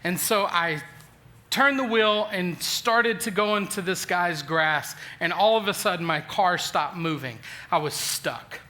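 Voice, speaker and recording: A man in his forties preaching a sermon, telling a funny personal story with lively self-deprecating humor and frequent restarts. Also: high-pitched, measured pace. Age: 40s. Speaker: pastor.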